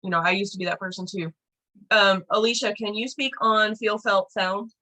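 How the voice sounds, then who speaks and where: A woman's voice: mid-range voice, steady tone, moderate pace, bright, forceful tone, poor audio. A woman leading a team training over a video call, chatty and rambling with lots of fillers.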